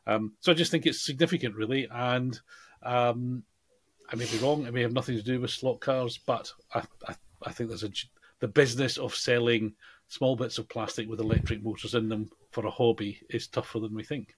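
A man's voice: mid-range voice, fairly even intonation, fairly quick, husky. A man co-hosting a podcast in casual chat, talking in a rambling way with many fillers and restarts. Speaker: podcast co-host.

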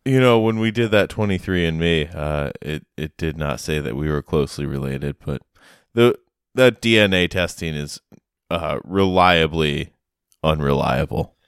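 Smooth-voiced man making deadpan jokes. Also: very deep voice, a little slow, no echo, clean studio sound. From United States. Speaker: podcast co-host. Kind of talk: casual chat.

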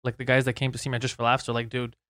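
A man co-hosting a casual podcast, telling stories quickly and acting out the people he quotes. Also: medium pitch, completely flat delivery, fairly bright tone, no room sound, studio quality. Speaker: podcast co-host.

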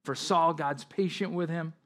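A man's voice: on the high side, steady tone, a little slow. A man preaching a sermon as pastor, reading scripture aloud with emphatic rises and explaining it.

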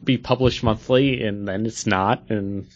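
A man's voice: fairly low pitch, fairly even intonation, unhurried. Man joking in casual chat, lo-fi. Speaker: podcast co-host. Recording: dull lo-fi sound.

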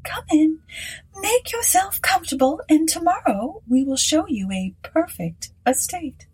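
A woman's voice: high-pitched, expressive, unhurried, pitched above the performer's own voice, rough recording. A woman doing a bitter, hardened plantation mistress. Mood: brittle, bright.

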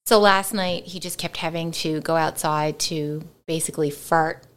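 A woman's voice: deep voice, steady tone, normal speed, clean tone. A woman co-hosting a casual podcast, telling stories animatedly and laughing often. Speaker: podcast co-host. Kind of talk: casual chat.

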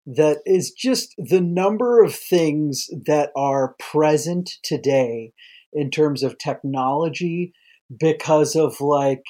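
A man's voice: on the high side, slow pace, dark tone. A man from central Iowa, a pediatric infectious disease doctor, co-hosting a podcast in casual banter and laughing often.

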